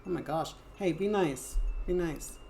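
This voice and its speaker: Woman streamer, French accent, lowish voice, casual playful chatter. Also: a little slow, creaky, mellow, soft background music. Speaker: game streamer. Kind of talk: casual gameplay chat.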